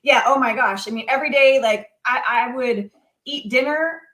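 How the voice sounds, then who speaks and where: A young adult woman telling a story as an interview guest, casual and animated, with many fillers. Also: high-pitched, normal speed. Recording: echoey room.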